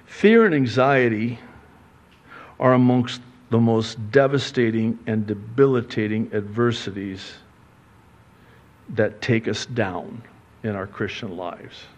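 A man preaching a sermon as pastor, conversational and playful, with lively asides and acted-out quotes. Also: lowish voice, takes it slowly. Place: church sanctuary.

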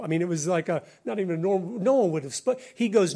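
Middle-aged American man, slightly high voice, animated preacher delivering a conversational sermon. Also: quick pace, hardly any pauses, slightly rough. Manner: animated, conversational, laughs between points. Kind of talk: sermon-style talk.

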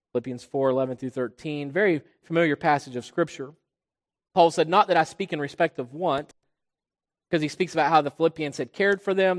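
Male pastor, high-pitched, preaching style that swells and hushes, recorded with long hall reverb. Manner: preaching, swells loud on key points, drops low on quiet ones. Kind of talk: sermon.

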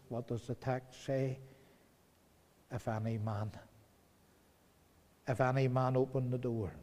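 A man preaching a sermon, swinging between loud urgent pleading and soft hushed tones. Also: mid-range voice. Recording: long hall reverb.

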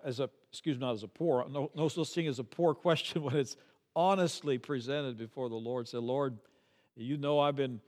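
A middle-aged man preaching, earnest and heartfelt, his voice lifting into pleading cries as he quotes a prayer. His pitch sits in an ordinary middle range. The sound carries a long hall echo, as from a church sanctuary. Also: a little mellow. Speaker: pastor. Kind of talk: sermon.

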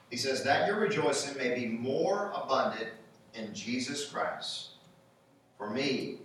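The pastor's voice is mid-range and a bit bright, caught from afar in an echoey sanctuary with slight background noise. He keeps his sermon conversational and uplifting, asking the congregation questions.

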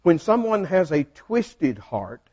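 A man's voice: fairly high pitch, big pitch swings, slow, darkish tone. A man leading a Bible study class in a folksy way, asking the group questions. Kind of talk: interactive Bible study teaching. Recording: dull lo-fi sound.

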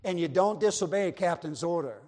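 A man playing a stern ship captain who barks orders, his voice rising to a shout. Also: high voice, lively intonation, fairly quick. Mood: commanding. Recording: long reverb of a large hall.

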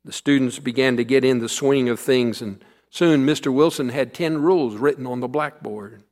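A man's voice: mid-range voice, moderate pace, a little mellow. A male pastor delivering a sermon, telling a story in an earnest way.

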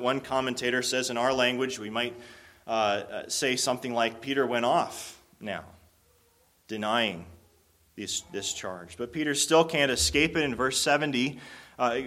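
A man's voice: mid-range voice, sharp tone. A man preaching a sermon, explaining a Bible passage in an earnest, conversational way with frequent restarts. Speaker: pastor.

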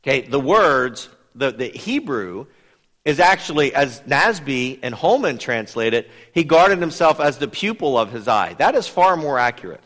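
A man teaching a Bible study in a lively, conversational way, putting questions to his listeners. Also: medium pitch, normal speed, in a large hall. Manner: lively, asks the audience questions.

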